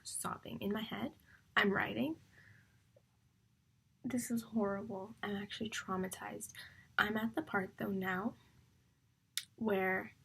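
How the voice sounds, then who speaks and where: This book vlogger, a young woman, has a creaky, husky voice of medium pitch. She rambles emotionally about her reading in a casual chat, frequently dropping to a whisper and filling her speech with "like."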